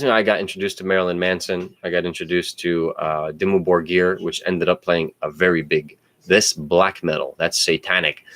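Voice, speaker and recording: Male storyteller, very low voice, animated and profane, dry recording. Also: normal speed, no room sound. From United States. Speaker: podcast host. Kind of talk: casual personal storytelling.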